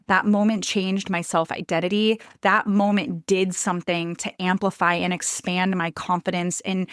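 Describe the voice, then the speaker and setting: A woman's voice: on the low side, little pitch movement, normal speed, a bit bright, smooth, no room sound, studio quality. A woman in her thirties hosting a podcast, telling a personal story in a confiding, emphatic way and speaking straight to her listeners. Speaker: podcast host.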